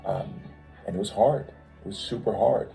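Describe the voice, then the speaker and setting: A man's voice: lowish voice, normal speed, creaky, mellow, soft background music, rough recording. A man in a heartfelt conversation with his wife, reflective and searching for words. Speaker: co-host, her husband.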